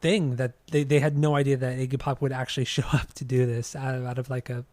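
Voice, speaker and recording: A man's voice: mid-range voice, flat delivery, quick pace, a little mellow, no room sound. A young man co-hosting a podcast, talking casually about an album with many restarts and casual swearing. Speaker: podcast co-host. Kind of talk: casual music review chat.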